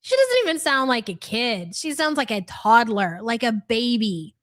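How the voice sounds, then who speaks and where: Brief: young woman, fairly high voice, blunt and profane reaction-stream host. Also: big pitch swings, moderate pace, fairly bright tone. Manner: blunt, swears freely. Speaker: livestream host. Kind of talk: live reaction commentary.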